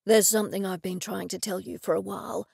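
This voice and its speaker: A woman's voice: medium pitch, steady tone, fast, creaky, a little mellow, slightly rough, dry recording, studio quality. A woman voicing an earnest, protective detective. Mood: tender.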